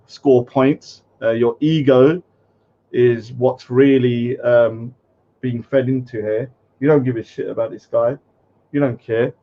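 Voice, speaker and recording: A man's voice: medium pitch, muffled recording. A man hosting a commentary show, reacting bluntly and indignantly to online comments. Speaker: commentary host.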